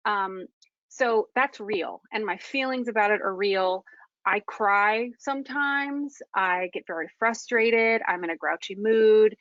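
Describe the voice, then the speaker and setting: A woman's voice: mid-range voice, slow pace, fairly bright tone, no room sound, highs cut off. A woman screenwriter presenting a webinar in a candid, conversational way, frank and self-deprecating, with plenty of fillers.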